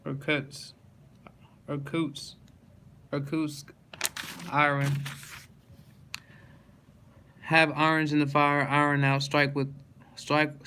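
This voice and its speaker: A man reading dictionary words aloud one after another in a slow, steady monotone, stumbling and restarting on hard words. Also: medium pitch, a little hiss or hum.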